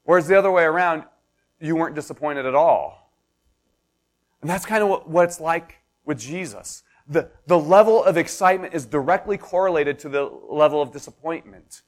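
A man preaching a sermon as pastor, telling the story in a conversational way with everyday examples and building intensity. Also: normal speed. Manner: storytelling, builds to impassioned pitch.

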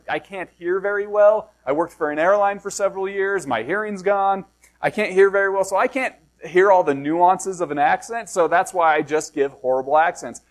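A middle-aged man preaching a sermon, reading scripture slowly, then explaining it in a conversational way with rhetorical questions and self-deprecating asides. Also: high voice. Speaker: pastor.

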